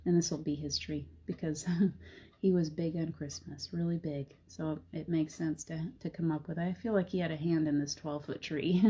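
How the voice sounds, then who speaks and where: A middle-aged woman hosting a casual live talk show, speaking gently and reflectively about spirituality. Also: deep voice, steady tone, normal speed, breathy edge. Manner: gentle, reflective, soft-spoken with frequent laughs. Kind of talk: casual live-stream chat.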